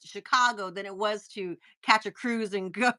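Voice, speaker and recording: A woman's voice: mid-range voice, steady tone, normal speed, bright, forceful tone. A woman with a Texan accent hosting a casual live-stream chat, talking in chatty bursts with frequent restarts and reading viewer comments aloud. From Texas. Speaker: host.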